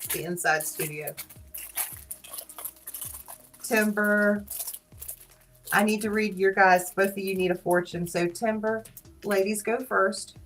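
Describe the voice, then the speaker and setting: A woman with a Southern US accent hosting a casual live stream, playful and teasing, quick to laugh. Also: medium pitch, a bit bright, rough recording. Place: small studio.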